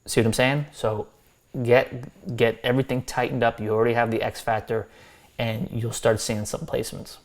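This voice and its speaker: A man's voice: mid-range voice, little pitch movement, moderate pace. An American man reviewing subscribers' music, talking loosely with restarts and friendly advice. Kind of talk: casual spoken critique.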